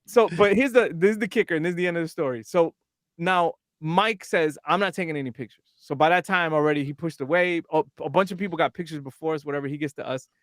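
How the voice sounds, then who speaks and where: Male podcast guest, bright high voice, dry close mic, animated storyteller. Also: fast, no room sound. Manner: animated, acts out voices in his anecdote.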